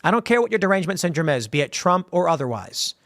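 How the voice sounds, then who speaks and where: Male host, raised pitch, dry close sound, rambling commentary with acted quotes. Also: big pitch swings, fast, fairly bright tone, no echo. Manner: rambling, conversational, with many restarts and acted-out quotes. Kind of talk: casual commentary reading viewer questions.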